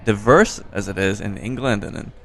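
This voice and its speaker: A man hosting a podcast interview, relaxed and joking, swearing casually. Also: on the low side, normal speed, gravelly, a little hiss or hum. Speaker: podcast host. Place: bar by a window.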